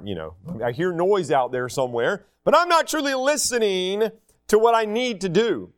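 A man's voice: on the high side, animated, moderate pace. A middle-aged man preaching a sermon in a conversational, self-deprecating way with humor.

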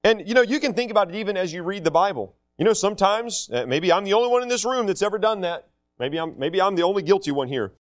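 A man's voice: high voice, animated, fast talker. A middle-aged man preaching a sermon in a conversational, self-deprecating way with humor.

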